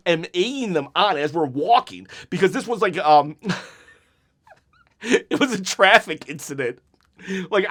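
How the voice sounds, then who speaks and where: A man in his forties chatting casually about wrestling promos, self-mocking and quick to laugh while telling a story. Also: high-pitched, fairly bright tone. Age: 40s. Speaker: wrestling commentary youtuber. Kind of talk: casual video commentary and storytelling.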